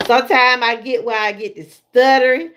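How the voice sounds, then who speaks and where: A woman's voice: a little high, steady tone, moderate pace, fairly bright tone. A middle-aged woman with a Southern US accent, chatting casually to her viewers on a livestream and laughing often. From Georgia, USA. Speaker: livestream host.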